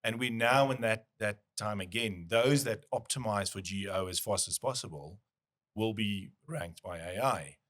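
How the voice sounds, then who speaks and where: Brief: male podcast host, low voice, easygoing, restarts his sentences a lot. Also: moderate pace. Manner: relaxed, restarts often, thinks aloud. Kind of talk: casual business chat.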